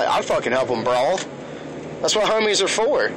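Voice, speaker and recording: A man's voice: fairly high pitch, big pitch swings, moderate pace. A young man from Alabama with a Southern accent, rambling through a profane story while driving. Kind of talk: casual vlog storytelling. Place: inside a moving car. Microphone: phone camera. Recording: phone video with loud car noise. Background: car and road noise.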